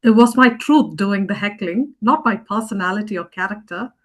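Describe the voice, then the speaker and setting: A woman acting out a blunt heckler who answers back in a dry, pointed way. She speaks at an ordinary middle pitch. It is a rehearsal reading of a stage play. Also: moderate pace, lightly acted. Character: blunt truth-telling female heckler.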